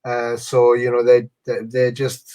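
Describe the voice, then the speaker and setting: A man, a guest musician, telling animated anecdotes in a casual chat over a video call, often saying "you know". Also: medium pitch, unhurried.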